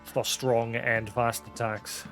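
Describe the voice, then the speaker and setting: A man's voice: medium pitch, level tone, slow, a bit bright, faint music behind. A man streaming a video game, chatting casually and explaining as he plays, with many fillers. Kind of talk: casual gameplay commentary.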